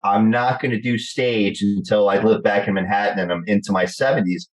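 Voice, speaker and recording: Animated New Jersey man telling stories. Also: fairly low pitch, fairly quick, rough recording. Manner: animated storyteller acting out quoted voices. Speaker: guest actor. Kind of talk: storytelling interview chat.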